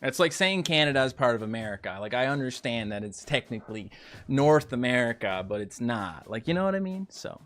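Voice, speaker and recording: A young man giving casual gameplay commentary to his viewers, chatty and animated, ranting playfully as he plays. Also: medium pitch, brisk. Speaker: gaming YouTuber.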